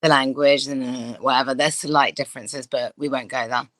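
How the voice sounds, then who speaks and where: A woman's voice: very deep voice, steady tone, normal speed, fairly bright tone, dry recording, low-quality recording. A woman in a casual group discussion, telling chatty anecdotes full of asides.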